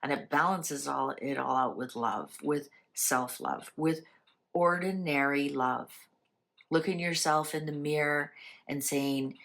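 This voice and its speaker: Low-voiced woman in a spiritual talk. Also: slow, gravelly, fairly bright tone. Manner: conversational, rhetorical questions, frequent "right?". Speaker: channel host. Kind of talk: casual spiritual talk to camera.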